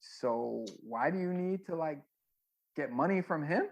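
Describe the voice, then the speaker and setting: A man's voice: on the high side, animated, unhurried, vocal fry, muffled recording. A man, a former music manager, telling rambling stories with many fillers in a casual interview.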